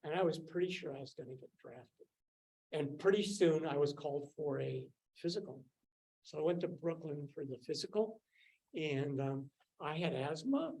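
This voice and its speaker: A man's voice: on the high side, moderate pace, darkish tone, rough recording. Older male scientist, casual anecdotal storyteller, meandering with frequent fillers. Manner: rambling, with many fillers and restarts. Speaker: scientist recounting his career.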